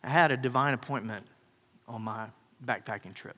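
A man preaching a sermon as pastor, swinging between emphatic loud declarations and quiet, close asides. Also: mid-range voice, normal speed. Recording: preacher in a large reverberant hall.

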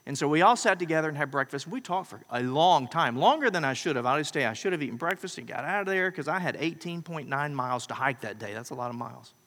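A man delivering a sermon with a bright, ringing tone that sits slightly high. He moves from quiet, intimate asides to loud, emphatic declarations. His voice carries through a large hall with a long trailing echo. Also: lively intonation, fast, few pauses. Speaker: pastor. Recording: preacher in a large reverberant hall.

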